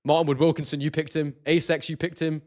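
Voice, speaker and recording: A man hosting a live boxing stream, chatty and excitable, reading out viewers' chat messages. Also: a little high, fast talker.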